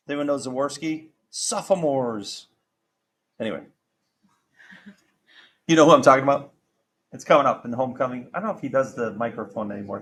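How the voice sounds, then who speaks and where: A middle-aged man teaching a high school math class, casual and self-correcting, often asking the class questions. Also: fairly bright tone. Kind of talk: classroom lecture.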